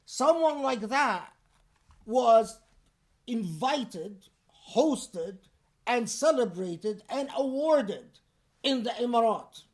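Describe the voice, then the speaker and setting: A man preaching a Friday sermon in a deliberate, emphatic and pointed way. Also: very high-pitched, animated.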